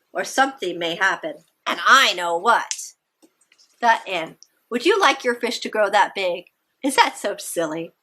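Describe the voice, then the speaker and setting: A woman reading picture books aloud to young children, animated and encouraging, often asking her listeners questions. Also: mid-range voice. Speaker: children's storytime presenter.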